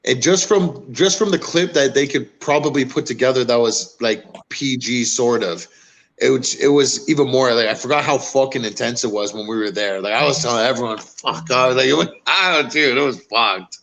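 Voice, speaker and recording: A man with a mid-pitched voice talks loosely and profanely. He rambles through stories, leaning on fillers like "like" and "you know what I mean.". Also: normal speed, a bit bright, slight background noise. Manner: rambling, swearing, lots of fillers. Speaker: podcast host. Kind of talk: casual chat.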